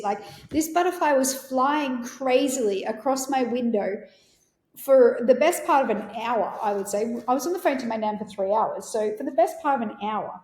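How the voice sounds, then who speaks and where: A woman's voice: fairly high pitch, animated, moderate pace, darkish tone, echoey room. A woman, hosting a podcast and telling a personal story in an earnest, emotional, rambling way. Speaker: podcast host.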